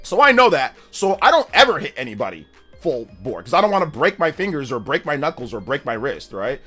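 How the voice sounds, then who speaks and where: A young man hosting a livestream tells a story casually in slang, speaking briskly in a medium-pitched voice over soft background music. He's animated and acts out the voices of the people in his tale.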